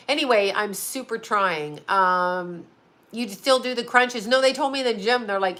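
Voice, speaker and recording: A woman's voice: on the high side, normal speed, bright, forceful tone. A middle-aged woman hosting a casual live stream from her home, rambling and chatty, often laughing. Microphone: home video call setup.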